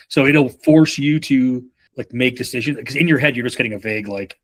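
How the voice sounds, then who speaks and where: A man's voice: mid-range voice, a little fast, hardly any pauses. A man leading a sales coaching session, telling rambling anecdotes with frequent swearing. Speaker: sales leadership trainer. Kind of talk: casual coaching talk.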